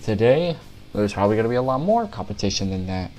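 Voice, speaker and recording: Breathless young guy calling a made-up race, lowish voice, tired and rambly, faint guitar music behind. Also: sing-song, fast talker, a little mellow. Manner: tired, rambling, stumbles over names. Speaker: race commentator. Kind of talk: mock sports commentary for a pretend race.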